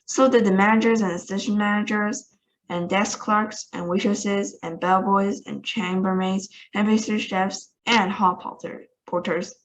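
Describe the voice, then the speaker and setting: A woman reading a children's novel aloud with lively, expressive narration. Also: mid-range voice, a little slow, lo-fi sound. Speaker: storybook reader.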